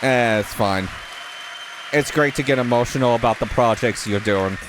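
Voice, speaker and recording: A man hosting a casual reaction to game trailers, excitable, laughing often and swearing freely. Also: medium pitch, normal speed, a crowd in the background, noisy background. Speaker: gaming reaction host.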